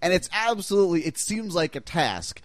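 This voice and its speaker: A man hosts a podcast in easygoing chat, his voice a little higher than most. He talks with playful, mock-enthusiastic energy and slips into acting out what he describes. The sound is dry and close, with no room around it. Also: sing-song, brisk, no room sound. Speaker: podcast host. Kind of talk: casual chat.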